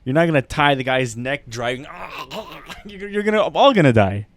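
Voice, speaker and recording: A man's voice: a little high, animated, normal speed. A man co-hosting a comedy podcast in casual chat, reacting and laughing a lot. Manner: reactive listener, laughs often. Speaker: podcast co-host.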